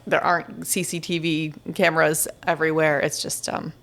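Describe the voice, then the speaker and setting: A woman from the Boston area co-hosts a casual true crime podcast in a very low voice with a lot of gravelly fry. She reacts to the story and thinks out loud, often restarting her sentences. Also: flat delivery, normal speed. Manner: reactive, musing aloud with many restarts. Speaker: podcast co-host.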